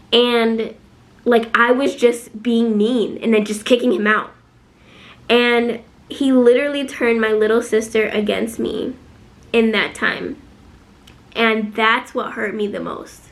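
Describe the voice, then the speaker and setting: A young woman from Chicago with a Chicago accent, telling a personal storytime vlog. She talks emotionally, fills her speech with "like" and acts out the other people's quotes. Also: on the high side. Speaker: vlogger.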